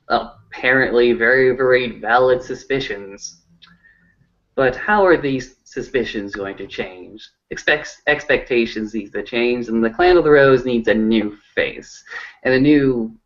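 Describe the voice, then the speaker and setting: A man taking part in a tabletop role-play, speaking in character in a formal, measured way. The sound is dull and lo-fi, as over a voice chat. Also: medium pitch. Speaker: player.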